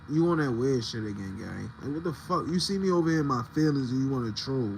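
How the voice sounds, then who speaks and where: A man's voice: on the high side, big pitch swings, quick pace, gravelly, hardly any pauses, heavy background noise. A man casually chatting to viewers on a livestream, loose and profane, joking about his heartbreak.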